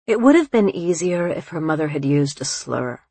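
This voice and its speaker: A woman narrating an audiobook in a measured, even reading voice. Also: low-pitched, slightly rough, no room sound.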